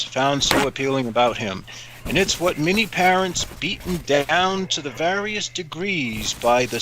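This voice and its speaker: A man's voice: mid-range voice, bright, forceful tone, slight background noise. A man cohosting a livestream, reading an article aloud and breaking off with blunt, profane commentary. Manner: blunt, swears freely, scoffing.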